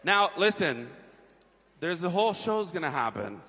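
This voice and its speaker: A man on a concert stage teaching an audience a sing-along, energetic and encouraging. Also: on the high side, normal speed. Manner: energetic and encouraging, shifts between coaching talk and singing. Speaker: audience singing leader. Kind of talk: leading a crowd sing-along rehearsal. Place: large concert hall with balcony. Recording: live hall with piano accompaniment. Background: piano.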